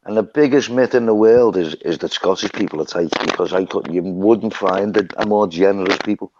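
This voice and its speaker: A man from Liverpool, England hosts a live stream, rambling through stories in casual chat and laughing often. His voice sits low and brisk. The phone microphone gives dull audio with background noise.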